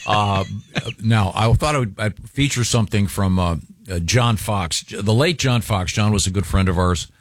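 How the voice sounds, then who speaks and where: A man's voice: on the low side, normal speed, a little hiss or hum. A man hosting a talk show, chatting casually with chuckles and rambling asides. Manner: rambling, chuckling, many fillers. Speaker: radio show host. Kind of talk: casual chat.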